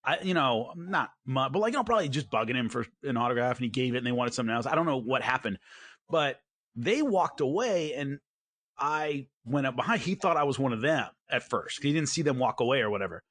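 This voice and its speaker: A man co-hosting a casual sports podcast, telling stories with lively acted-out quotes. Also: mid-range voice, a little fast. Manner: animated storyteller, acts out quotes. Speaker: podcast co-host and MMA commentator.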